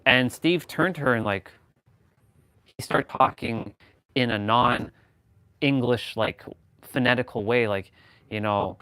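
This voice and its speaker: A man hosting a casual chat, rambling with lots of fillers and restarts, shifting into livelier, louder stretches when worked up. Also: medium pitch, slow, long pauses, clear, resonant tone. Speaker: host.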